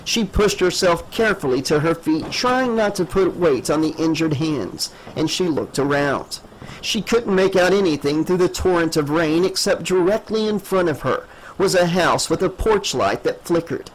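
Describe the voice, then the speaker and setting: A man reading a horror audiobook as narrator in a measured, dramatic storytelling manner. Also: on the high side, expressive, slight background noise, poor audio.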